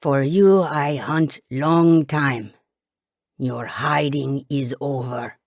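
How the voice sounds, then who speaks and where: A woman voicing a huge, brutal male enemy general who speaks slowly and menacingly in broken words with a thick foreign accent. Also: very deep voice, a little mellow, no room sound, studio quality, pitched below the performer's own voice, heavily acted.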